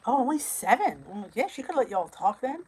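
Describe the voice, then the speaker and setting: A middle-aged woman from New Jersey hosting a casual live-stream chat, chatty and quick to laugh as she answers viewer comments. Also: a little high, big pitch swings, a little mellow, breathy edge, low-quality recording. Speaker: weight loss channel host.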